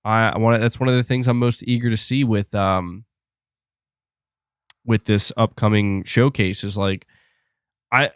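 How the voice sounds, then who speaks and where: A young man hosting a casual gaming podcast, rambling excitably with restarts and laughs as he reads viewer messages. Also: medium pitch, normal speed, pauses often, smooth, no room sound, studio quality. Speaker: podcast host reading super chats. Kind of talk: casual live-stream chat.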